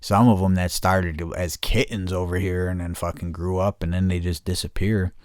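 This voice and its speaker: Low-voiced swearing man telling a story. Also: little pitch movement, normal speed, a little mellow, no room sound, clean studio sound. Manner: heavy swearing, rambling, laughs often. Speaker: podcast host. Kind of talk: casual storytelling.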